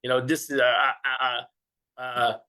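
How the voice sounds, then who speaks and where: A man's voice: medium pitch, little pitch movement, slow pace, bright, forceful tone, low-quality recording. A man teaching an informal religious class, joking with listeners and acting out little scenes. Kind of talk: informal class with audience banter.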